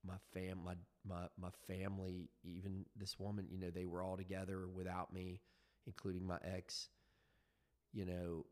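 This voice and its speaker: A man in his fifties with a deep, low voice tells his own recovery story into a headset mic. He talks in a halting, reflective way, full of ums and restarts as he searches for words. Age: 50s.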